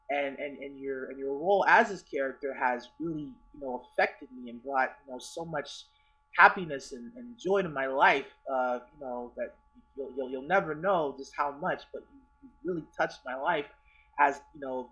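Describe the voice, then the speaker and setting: A man's voice: medium pitch, a bit bright, lo-fi sound. A young man vlogging a personal story, rambling and stammering, repeating himself and swearing a lot. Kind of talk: casual storytelling.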